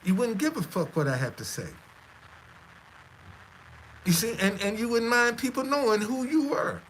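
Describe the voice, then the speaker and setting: A man's voice: high voice, expressive, normal speed, a bit bright, slight background noise, poor audio. A man hosting a live stream, talking to his audience in a stammering, repetitive, defiant way. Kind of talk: casual live-stream monologue.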